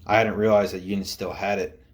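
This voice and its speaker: A man with a very low, deep voice reads a first-person military story aloud. His delivery is steady and matter-of-fact, like a plain narrated account. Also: fairly quick.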